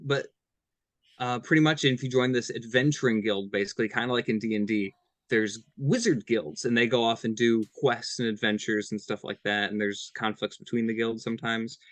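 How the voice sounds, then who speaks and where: Excitable podcast guest, man, middle pitch, dry close sound. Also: dry recording. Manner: excitable, laughs often, quick bursts. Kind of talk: casual podcast chat.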